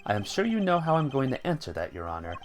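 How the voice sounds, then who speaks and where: A man voicing a stern, precise male prosecutor in a measured, formal manner. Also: mid-range voice, huge pitch swings, faint music behind, pitched above the performer's own voice. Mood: cool.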